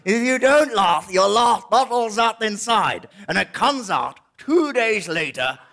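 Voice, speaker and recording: A South African ventriloquist voicing a flamboyant, camp male puppet who calls everyone darling, with a raspy voice, performing live on a comedy stage. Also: high-pitched, lively intonation, unhurried, sharp tone, a little hiss or hum, full character voice. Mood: camp teasing. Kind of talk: stand-up ventriloquism.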